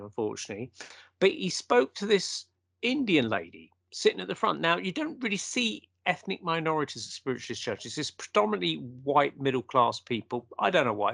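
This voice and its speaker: Gravelly Englishman telling lively anecdotes. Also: fairly high pitch, no echo. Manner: animated anecdotes with acted quotes and "blah, blah". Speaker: interviewee discussing mediums. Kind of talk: casual storytelling chat.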